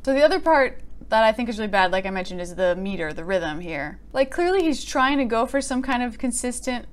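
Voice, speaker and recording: A woman's voice: fairly high pitch, big pitch swings, brisk. Chatty woman critiquing poetry. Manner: chatty, frequent "like" fillers, amused. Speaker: poet and video host.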